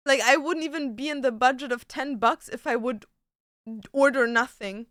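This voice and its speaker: A young woman chatting on a home livestream, telling a long, exasperated story with plenty of likes and curse words. Her voice sits high and sounds smooth and clean. The room is dry, with almost no echo. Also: normal speed, a bit bright. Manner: ranting storytelling with frequent likes and swearing. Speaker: streamer. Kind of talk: casual livestream chat.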